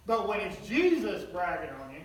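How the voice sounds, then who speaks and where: A man's voice: sits high, sing-song, moderate pace, slight background noise. A man preaching a sermon, retelling scripture in a folksy, conversational way with joking asides. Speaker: pastor. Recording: echoey hall, mic at a distance.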